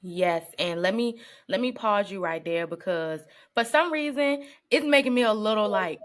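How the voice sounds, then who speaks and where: A woman's voice: mid-range voice, lively intonation, normal speed, hardly any pauses. A woman co-hosting a podcast in casual chat, emotional and teary while speaking openly with casual slang. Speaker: podcast co-host.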